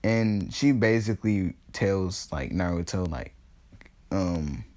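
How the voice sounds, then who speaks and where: A young man with a slightly low-pitched voice telling a fan story off the cuff. He is laid-back and profane, and he trails off with plenty of ums and laughs at his own jokes. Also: expressive, slow pace, darkish tone. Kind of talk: casual fan-fiction storytelling.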